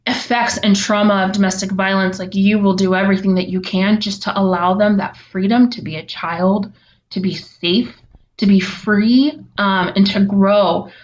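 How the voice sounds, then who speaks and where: Young woman, podcast guest. Earnest, reflective, softly dull recording. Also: medium pitch. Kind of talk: heartfelt interview storytelling. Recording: slightly dull lo-fi audio.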